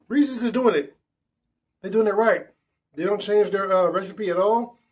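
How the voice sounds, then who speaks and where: A man's voice: sits high, takes it slowly, a little mellow, slightly rough. A man hosting a casual snack tasting vlog indoors at a table, chatty and enthusiastic with loose restarts. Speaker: food vlogger.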